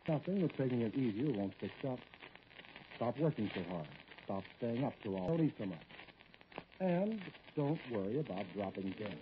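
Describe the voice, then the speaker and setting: A man's voice: medium pitch, big pitch swings, moderate pace, lo-fi sound, close to an everyday voice. A man playing a blunt, fatherly doctor. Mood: advising. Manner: firm, advising. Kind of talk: 1940s radio acting. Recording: hissy old radio broadcast.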